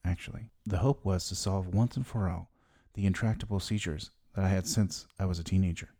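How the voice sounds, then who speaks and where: A man's voice: sits low, mellow, no echo, clean studio sound. Wry middle-aged man narrating his story. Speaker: podcast host. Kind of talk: scripted personal narration.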